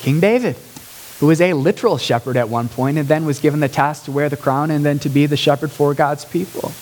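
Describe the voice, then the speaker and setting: A man's voice: a little high, a little fast, a little mellow, slight background noise. A male pastor preaching a sermon in a conversational way, lifting to emphatic peaks.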